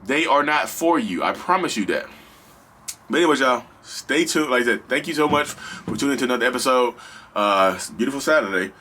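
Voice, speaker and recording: Bright-voiced man giving casual advice. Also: mid-range voice, fairly quick. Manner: animated, slangy, rambling, talks straight to viewers. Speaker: vlog host.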